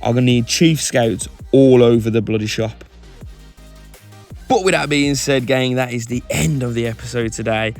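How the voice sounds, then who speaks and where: A young man hosting a video game let's-play, excitable and given to loud celebratory shouts. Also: mid-range voice, normal speed, roomy sound, faint music behind. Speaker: gaming channel host. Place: home room.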